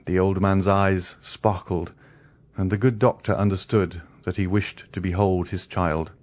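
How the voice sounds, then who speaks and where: A man narrating a classic novel audiobook in a measured, even reading. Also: low-pitched, no room sound. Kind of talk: scripted narration.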